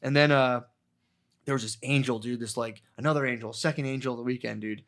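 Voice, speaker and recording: A man's voice: mid-range voice, steady tone, fast talker, a bit bright. A man hosting a podcast, telling a rambling, profane story and laughing as he goes. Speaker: podcast host. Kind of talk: casual storytelling chat.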